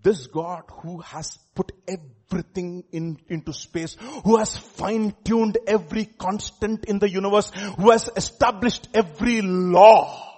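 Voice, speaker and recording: A male pastor delivers a lively sermon in a high, husky voice. He keeps turning to the congregation with questions and breaks into chuckles between points. On the key lines he swells into loud, emphatic preaching. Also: a little slow, few pauses. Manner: animated preaching with laughs and sudden loud emphasis.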